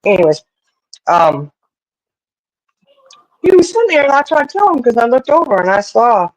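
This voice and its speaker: A storyteller telling a family tale in a folksy, animated, rambling way with many asides. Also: mid-range voice, normal speed, no room sound, poor audio. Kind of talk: casual storytelling.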